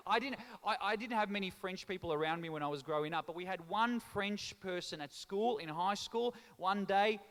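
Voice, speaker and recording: A man doing live stand-up crowd work in a large town hall, teasing the audience in an animated way. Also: high voice, moderate pace. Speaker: stand-up comedian and MC. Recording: echoey hall reverb.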